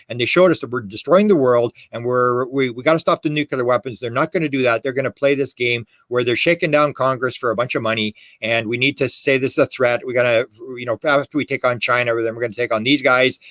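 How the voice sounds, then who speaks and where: Speaking quickly in a mid-range, fairly bright voice, a male podcast guest who studies UFO history spins animated stories. He rambles with emphasis, acts out quoted dialogue, and restarts often; the recording is dry.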